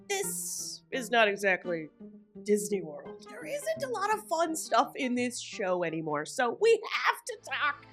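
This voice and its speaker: A woman's voice: fairly high pitch, a bit bright. A woman hosting a reality TV recap, talking in a sarcastic, joking commentary style. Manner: sarcastic, jokey, mock voices.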